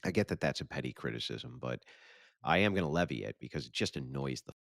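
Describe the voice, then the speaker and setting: A man's voice: very deep voice, expressive, quick pace, creaky, fairly bright tone, no echo, studio quality. A male host giving blunt, opinionated reaction commentary on a clip in a casual way. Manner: blunt and opinionated, with frequent restarts and mild profanity.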